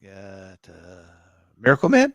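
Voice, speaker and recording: A man's voice: medium pitch, wildly swooping pitch, takes it slowly, no room sound. A man co-hosting a casual live chat, wry and teasing as he goes through a pile of items. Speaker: co-host.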